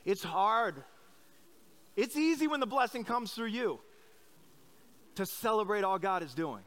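Middle-aged male pastor from Iowa, high bright voice; candid, chatty preaching. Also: expressive, a little slow. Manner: chatty storytelling with many likes and restarts; candid, self-deprecating. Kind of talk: conversational sermon. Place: church service.

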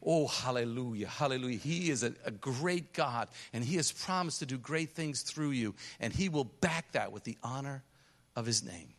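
A missionary pastor speaking to a congregation on a church stage, telling stories and acting out the voices of the people in them. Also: male voice, medium pitch, moderate pace. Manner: animated storytelling, acts out quoted voices. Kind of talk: sermon testimony to a congregation. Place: church stage under lights.

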